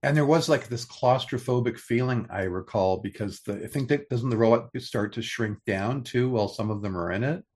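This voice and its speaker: A man's voice: moderate pace, hardly any pauses, darkish tone. Older man co-hosting a casual podcast. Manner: enthusiastic, pitching story ideas with many restarts. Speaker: podcast co-host. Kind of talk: casual chat.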